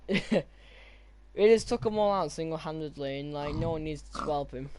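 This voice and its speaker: A man's voice: a little high, moderate pace, a little mellow, a little hiss or hum. A young man co-hosting a casual podcast, talking hesitantly and giggling between lines. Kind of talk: casual chat while gaming.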